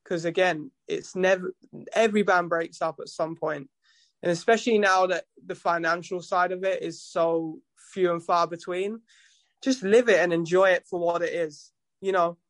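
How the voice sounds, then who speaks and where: A man's voice: high-pitched, fairly even intonation, moderate pace, fairly bright tone, dry recording. A man, a musician guest telling stories in a casual chat, rambling and swearing freely. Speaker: guest musician and tattoo artist.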